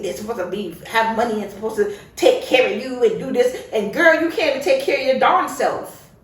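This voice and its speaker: A young woman hosting a podcast, speaking in a fairly high voice with big swings in pitch as she rants and laughs. She sits a bit away from the mic, so the sound is roomy and echoey. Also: far from the mic. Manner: animated, ranting, laughs often. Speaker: podcast host. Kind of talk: casual opinionated monologue.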